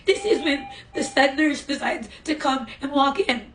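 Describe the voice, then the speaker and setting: A woman's voice: sits high, lively intonation, a little slow, a bit bright, recorded from a distance, rough recording. A woman vlogging from her hospital room, telling an upset story about a nurse. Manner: upset, venting. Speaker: hospital patient. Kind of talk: casual storytime vlog.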